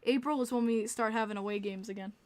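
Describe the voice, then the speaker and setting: A fast-talking woman with a fairly high, steady, slightly mellow voice and a Long Island New York accent. She hosts a casual livestream podcast, reading viewers' live chat and laughing often as she talks with them.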